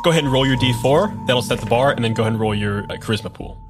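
A man game master narrates a tabletop game in a descriptive, halting manner, his voice sitting at a middle pitch. Music plays clearly underneath, as in a produced podcast.

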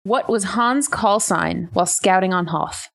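A woman running a casual podcast quiz, reading questions briskly and laughing easily along with the players. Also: mid-range voice, gravelly. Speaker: quiz host.

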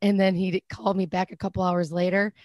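A woman co-hosting a podcast in casual chat, loud, blunt and teasing. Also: lowish voice, level tone, fast, no room sound. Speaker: podcast co-host.

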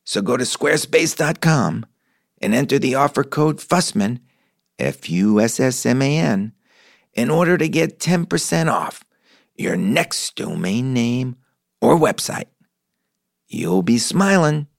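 A man's voice: medium pitch, lively intonation, measured pace, vocal fry, dry recording, clean studio sound. A middle-aged man hosting a podcast, telling stories and reading sponsor ads with enthusiasm. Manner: enthusiastic storyteller. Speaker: podcast host. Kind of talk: conversational host reading ads.

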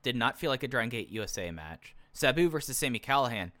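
A man's voice: medium pitch, sing-song, fast, pushed and bright, dry recording. A man co-hosting a podcast, chatting casually and with strong opinions, often restarting his sentences. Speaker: podcast co-host. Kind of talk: casual chat reviewing a wrestling show.

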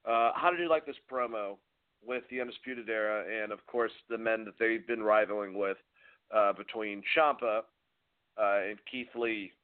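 A man's voice: on the low side, normal speed, clean tone. A man co-hosting a podcast, recapping and chatting loosely with fillers and swearing. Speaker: podcast co-host. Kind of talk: casual chat and recap. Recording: tinny phone-like audio.

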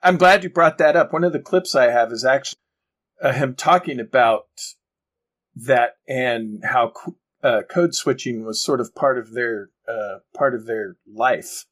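A man's voice: mid-range voice, measured pace, fairly bright tone. Easygoing man podcast co-host. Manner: easygoing, filler-heavy. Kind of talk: casual chat.

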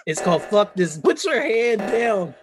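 High-voiced male co-host, heckling, music underneath. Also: very animated, measured pace. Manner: mocking, profane heckling. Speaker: podcast co-host. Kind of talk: casual podcast banter.

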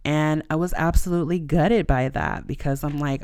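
A woman's voice: deep voice, fairly even intonation, moderate pace, few pauses, darkish tone, smooth, no echo. A young adult woman hosting a podcast, telling a personal story frankly and emotionally, with casual swearing and lots of fillers. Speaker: podcast host.

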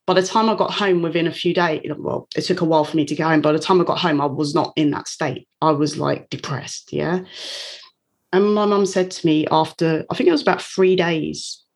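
A woman with a low voice speaks a little fast and with fairly even intonation. As an interview guest, she tells a personal story candidly and emotionally, laughing often.

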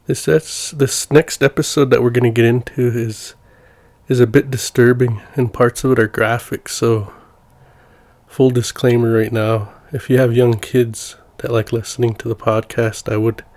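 Male podcast host, earnest, restarts sentences, flat monotone, dry close sound. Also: mid-range voice, moderate pace, dry recording. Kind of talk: casual podcast intro.

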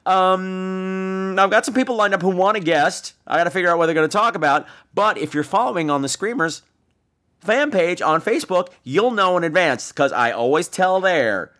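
A man's voice: sits high, animated, moderate pace, fairly bright tone. A man hosting a podcast, campy and theatrical, swearing freely while he wraps up the show. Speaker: podcast host. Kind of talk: solo podcast wrap-up.

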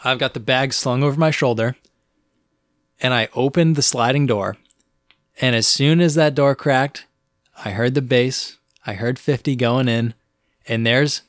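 A young man co-hosts a casual podcast and tells a story in an animated way. He often stumbles and restarts his sentences. The sound is close and dry, with no room echo. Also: medium pitch, measured pace. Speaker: podcast co-host. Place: Boston area.

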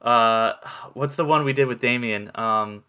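Male podcast co-host, crisp bright tone, quick and chatty. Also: medium pitch. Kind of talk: casual movie review chat.

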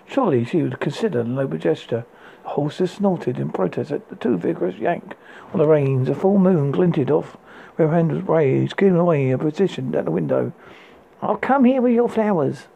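A man's voice: fairly high pitch, gravelly, dark tone, husky, poor audio. A man reading a fairy tale excerpt aloud, stumbling and restarting now and then. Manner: halting read with restarts. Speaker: audiobook narrator.

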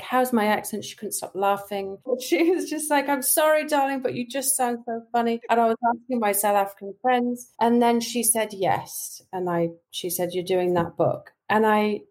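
A woman's voice: mid-range voice, a little mellow. A British woman, an actress and audiobook narrator, speaking candidly and with feeling as an interview guest. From Britain. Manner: candid, heartfelt storytelling. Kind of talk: interview chat.

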